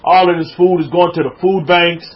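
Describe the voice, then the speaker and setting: An American man with a high, steady voice preaches a casual, informal sermon to a livestream audience, talking a little fast. He reads viewers' chat comments aloud and gives them shout-outs, repeating his words as he builds up his points. The recording has its highs cut off.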